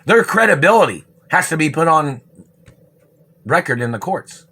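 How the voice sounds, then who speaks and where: A man's voice: fairly high pitch, big pitch swings, moderate pace, long pauses, sharp tone, slightly rough. A man in an agitated monologue, accusing and repeating himself. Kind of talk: monologue to camera.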